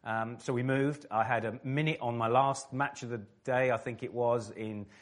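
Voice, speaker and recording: A man's voice: medium pitch, normal speed. A middle-aged man from England, a former footballer turned pastor, telling vivid stories in an interview and laughing easily. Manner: animated, vivid storyteller who laughs often. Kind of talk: storytelling in an interview.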